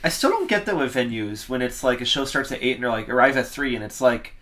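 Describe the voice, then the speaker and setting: A man's voice: mid-range voice, very animated, fast, fairly bright tone. A man on a band's podcast, chatting casually, joking and laughing through his lines. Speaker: band member on podcast. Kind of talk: casual chat.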